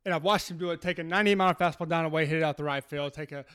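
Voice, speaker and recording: A man in his thirties from Texas tells stories as a podcast guest in a quick, high voice. He is animated and swears freely as he goes. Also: clear, resonant tone. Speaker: guest, professional baseball pitcher. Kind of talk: casual interview storytelling.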